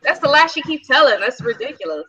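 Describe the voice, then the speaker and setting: A woman's voice: sits high, big pitch swings, fast, fairly bright tone, a little hiss or hum. A woman hosting a casual discussion, blunt and outspoken in an indignant tone. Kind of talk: casual chat. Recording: dull lo-fi sound.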